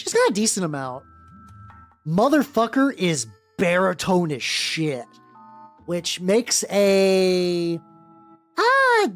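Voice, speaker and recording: A man with a naturally high voice chatting casually on a livestream while painting miniatures, rambling and swearing freely. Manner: rambling, many fillers and restarts, swears freely.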